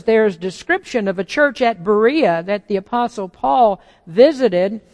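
Woman pastor, earnest deliberate sermon delivery, slightly high voice, long hall reverb. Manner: earnest, deliberate, restarts phrases.

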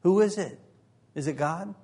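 A male pastor delivering a sermon in a fairly high voice. He speaks earnestly and with emphasis and drops in a joking aside now and then. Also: unhurried, warm tone, husky.

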